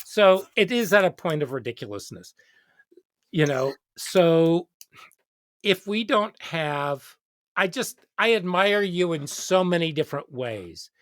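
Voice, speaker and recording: An educator hosts a casual interview, their pitch moving a lot as they tell stories and quote others. The sound is dry and close. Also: a little slow, no room sound. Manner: expressive storyteller, quoting others. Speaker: host, educator.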